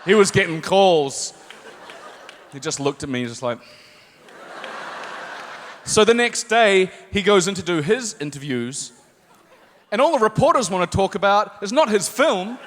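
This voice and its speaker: Kiwi male guest on a con panel, higher voice, animated anecdote teller, echoey hall. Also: measured pace, long pauses, some chatter behind. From New Zealand. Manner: animated storyteller, acts out voices. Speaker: guest actor on a convention panel. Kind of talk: live anecdote storytelling to an audience. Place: large convention hall. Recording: echoey convention hall, faint noise.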